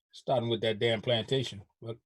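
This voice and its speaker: A man hosting a casual talk show, riffing in an animated way with frequent restarts. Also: medium pitch, dry recording, studio quality. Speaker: show host. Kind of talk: casual chat.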